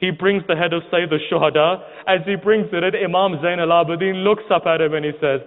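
A man's voice: high voice, fairly even intonation, fairly quick, hardly any pauses. A man preaching an emotional sermon, telling a mournful story and asking the audience rhetorical questions. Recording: tinny phone-like sound in a reverberant hall.

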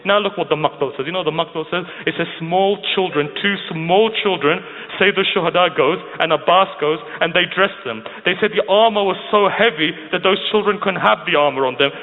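Man, high voice, narrative sermon, emotive storytelling, rhetorical questions, thin phone-like sound. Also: fairly quick, hardly any pauses. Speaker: preacher. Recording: phone-like sound with long hall reverb.

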